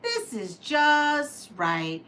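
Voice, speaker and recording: A woman voicing a sneaky, curious little girl in a storybook tale, with high sing-song exclamations. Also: very animated, very slow, very noisy, exaggerated voice. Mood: fussy.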